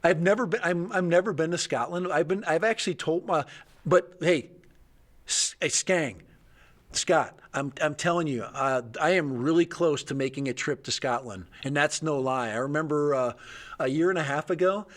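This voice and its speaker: A man's voice: a little high, moderate pace. A middle-aged man hosting a live stream, chatting casually and rambling, often restarting his sentences and laughing.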